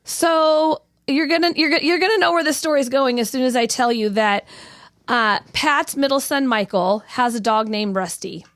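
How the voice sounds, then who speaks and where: A woman's voice: high-pitched, normal speed, no room sound, clean studio sound. A middle-aged woman co-hosting a morning show, teasing her partner and telling stories playfully. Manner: playful, teasing, animated storyteller. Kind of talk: casual radio banter.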